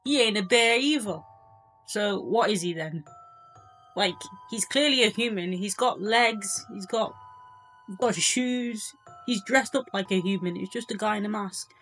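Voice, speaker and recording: A woman's voice: mid-range voice, a little slow, a bit bright, soft background music, poor audio. A young woman giving a casual movie review, chatty and incredulous, full of filler words.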